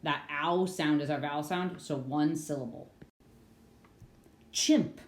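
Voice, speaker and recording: Upbeat young woman teacher for a kids' online reading lesson; lower voice, roomy echo. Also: normal speed. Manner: upbeat and playful, sings phrases.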